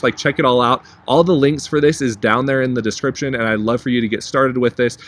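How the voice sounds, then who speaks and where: A man's voice: mid-range voice, a bit bright. A young man vlogging casually to camera, chatty and informal, talking while on the way to the gym. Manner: chatty, repeats 'you guys' and 'like'. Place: driving in a car.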